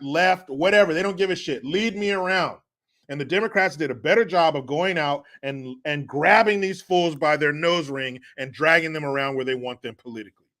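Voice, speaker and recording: With a slightly high voice, a middle-aged man hosts a casual political stream and reads viewer comments aloud. His mocking, sarcastic asides veer from loud to muttered.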